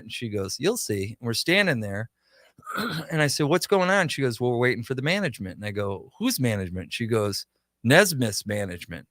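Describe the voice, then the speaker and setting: A man's voice: mid-range voice, no echo, studio quality. A middle-aged man, a pop culture shop owner, telling a long story in a casual radio conversation and acting out the quotes. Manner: animated anecdote teller, acts out quotes.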